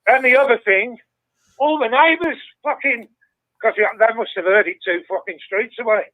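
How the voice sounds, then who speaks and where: An older man, calling in over a tinny phone line. His voice sits high, and he swears constantly as he tells a story with plenty of energy. The sound is dry, with no room around it. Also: normal speed, no echo. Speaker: caller. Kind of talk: casual phone-in chat.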